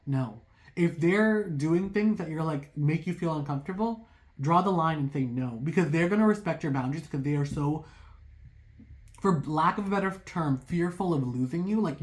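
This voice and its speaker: Her thoughts racing, an excitable tarot reader speaks straight to viewers in a mid-range voice during a casual reading. She rambles freely, sprinkling in "like" over and over along with apologetic side remarks.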